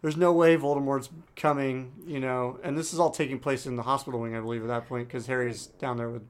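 A man's voice: medium pitch, little pitch movement, fast. A man co-hosting a podcast, casually retelling a book with lots of fillers. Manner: loose retelling, many fillers. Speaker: podcast co-host.

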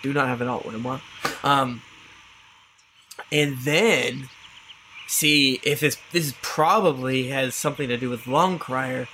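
A man's voice: medium pitch, takes it slowly, long pauses, pushed and bright, slight background noise, low-quality recording. A man playing a tabletop role-playing game, joking, often laughing and stammering as he talks in character. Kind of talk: casual in-character game chat.

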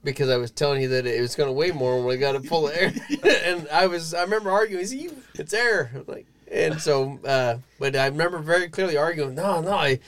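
A man's voice: a little high, steady tone, quick pace, hardly any pauses. A man co-hosting a casual podcast chat, chuckling and prompting his friend with questions. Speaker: podcast co-host.

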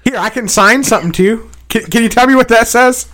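A young man in casual argumentative banter, profane and animated, laughing often. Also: extremely high pitch, quick pace.

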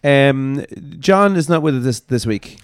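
Lively Irish man, teasing podcast host. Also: mid-range voice, unhurried, clear, resonant tone, no echo, clean studio sound. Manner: lively, laughs often, teasing. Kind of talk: casual chat.

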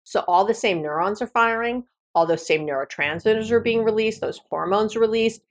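A middle-aged woman therapist hosting a solo podcast, talking in a chatty, animated way with playful asides. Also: medium pitch, brisk.

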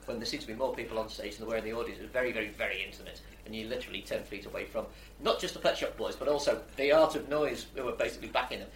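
A man's voice: fairly low pitch, very fast, few pauses, roomy sound, a little hiss or hum, poor audio. A man in casual chat, often stammering into restarts.

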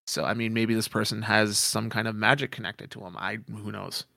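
A man's voice: lowish voice, steady tone, a little fast, gravelly, pushed and bright, no echo, clean studio sound. A man narrating a tabletop game as game master, rambling with many fillers.

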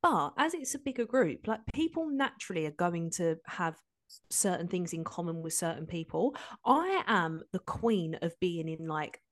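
A woman's voice: fairly low pitch, big pitch swings, normal speed. A woman co-hosting a podcast in casual chat, rambling and exasperated. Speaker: podcast co-host.

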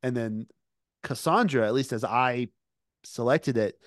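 In a casual discussion recorded with studio quality and no echo, a male co-host recounts what happened, full of fillers. His voice is mid-range and a little slow.

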